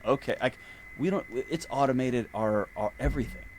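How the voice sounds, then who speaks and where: A man, a podcast guest, talking in a casual conversation and telling animated stories. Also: mid-range voice, brisk, background noise. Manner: animated storyteller.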